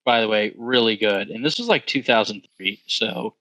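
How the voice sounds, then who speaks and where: A man co-hosting a podcast in casual chat, halting, with short agreements. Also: lowish voice, sharp tone, dry recording, low-quality recording. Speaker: podcast co-host.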